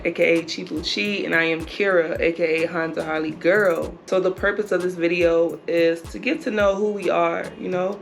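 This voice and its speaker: A woman's voice: lowish voice, fairly even intonation, moderate pace, creaky, hardly any pauses, faint music behind. A woman, chatting upbeat to viewers as a vlog co-host. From South Carolina, US. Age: 30s. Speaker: vlogger co-host. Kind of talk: casual chat to camera.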